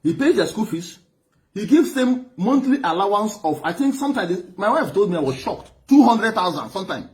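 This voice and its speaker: A man with a Nigerian accent, an Igbo speaker, telling stories to an audience in an animated way, often repeating words. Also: sits high, a little fast. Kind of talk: storytelling speech.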